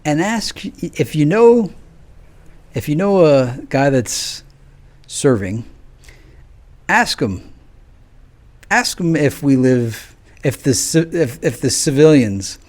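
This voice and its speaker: A man's voice: medium pitch, lively intonation, a little mellow. Rambling man asking rhetorical questions. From United States. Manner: rhetorical questions with drawn-out "hmm" pauses. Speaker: video commentator. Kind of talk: solo political commentary monologue.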